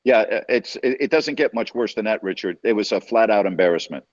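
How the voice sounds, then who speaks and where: A man's voice: lowish voice, lively intonation, a little fast, no room sound. A man hosting a sports talk radio show, ranting emphatically and taking callers. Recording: dull lo-fi sound.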